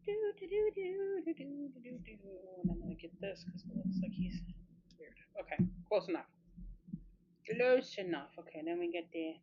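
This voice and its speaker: A woman chatting casually and thinking aloud as she sketches, encouraging herself through mistakes. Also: lowish voice. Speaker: art channel creator. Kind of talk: casual drawing commentary. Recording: slightly muffled with faint hiss.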